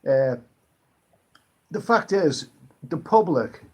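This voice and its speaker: A man's voice: a little high, lively intonation, slow pace, a little mellow, husky. Rambling, chatty British man hosting a live stream. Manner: rambling, chatty, restarts often, reads viewer comments aloud. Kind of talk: casual late-night live stream chat.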